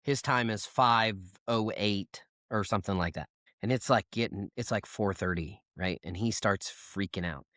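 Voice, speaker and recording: A man's voice: fairly low pitch, normal speed, fairly bright tone, dry recording, clean studio sound. A man co-hosting a podcast, telling long rambling stories in casual chat, full of fillers and restarts. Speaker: podcast co-host.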